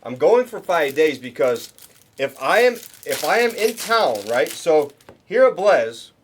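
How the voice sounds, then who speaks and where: A man's voice: a little high, sing-song, a little slow, husky. Rambling man hosting a card break. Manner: rambling, talks to chat viewers, restarts often. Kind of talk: casual livestream chat.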